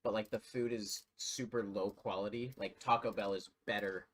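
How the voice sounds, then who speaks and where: A man's voice: lowish voice, steady tone, normal speed, fairly bright tone. A man co-hosting a casual podcast chat, hesitant and stammering as he talks. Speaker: podcast co-host.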